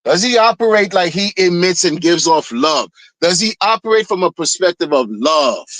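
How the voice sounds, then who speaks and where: High-voiced man ranting mockingly. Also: fairly bright tone, dry recording, poor audio. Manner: heated, mocking, repeats phrases. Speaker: streamer ranting commentary. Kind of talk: casual rant.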